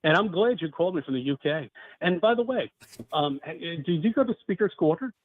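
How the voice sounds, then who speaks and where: A man's voice: on the high side, lively intonation, a little fast. Mocking male caller on a dull line. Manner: argumentative, mocking. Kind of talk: phone-in chat. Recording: dull lo-fi call audio.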